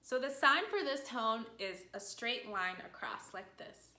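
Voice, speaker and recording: A woman gives a lively video lesson at a slow, careful pace. Her voice is bright and a little high, and it swoops up when she acts out calling a dog. The room is echoey. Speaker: language teacher.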